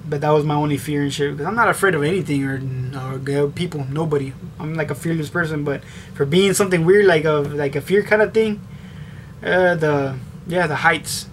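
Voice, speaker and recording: A man's voice: a little high, a little fast, slight background noise. Profane, blunt young man vlogging. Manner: profane, blunt, rambling with filler. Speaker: vlogger answering tag questions. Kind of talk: casual chat.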